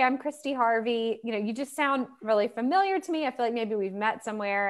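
The author guest's voice is on the high side here, fast and animated with few pauses, as she talks loosely in a casual video-call interview, laughing and using many fillers.

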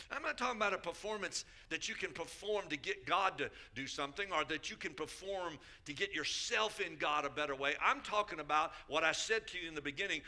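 A man's voice: a little high, sharp tone. A man preaching a sermon as a bishop, emphatic, repeating key phrases and calling out to the congregation.

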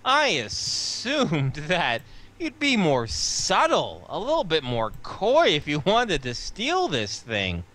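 A man at a tabletop game with a bright voice that swings widely in pitch. He talks slowly, throwing incredulous, teasing reactions at the game master. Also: huge pitch swings. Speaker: player. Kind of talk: casual chat at a gaming table.

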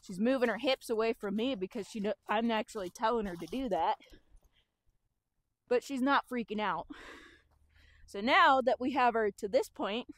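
Calm woman explaining horse training. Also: a little high, moderate pace, long pauses, dry recording. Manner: calm, explanatory, talks to the horse as she works. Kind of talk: outdoor training demonstration. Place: outdoors with a horse.

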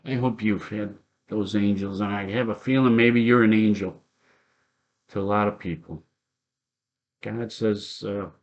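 A middle-aged man leads a Bible study as pastor, unhurried and reflective, breaking into soft laughs as he tells stories. His voice sits somewhat low, and the recording is dull and lo-fi. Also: fairly even intonation, creaky. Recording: dull lo-fi sound.

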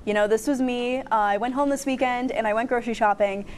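A young woman co-hosting a student TV entertainment show, bubbly and chatty, quick to laugh. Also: a little high, steady tone, a little hiss or hum. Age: young adult. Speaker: student co-host. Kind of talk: casual co-hosted entertainment segment. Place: campus TV studio.

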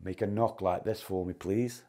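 A man's voice: low-pitched, steady tone, moderate pace, mellow. A man investigating a house at night, coaxingly calling out to spirits and asking for knocks. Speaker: paranormal investigator. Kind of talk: calling out during a ghost hunt.

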